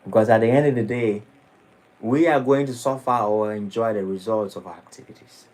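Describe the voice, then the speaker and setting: A man preaching a sermon in a temple, dramatic and lively. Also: lowish voice, brisk, rough recording. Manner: dramatic, shifting into mocking acted quotes. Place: temple hall.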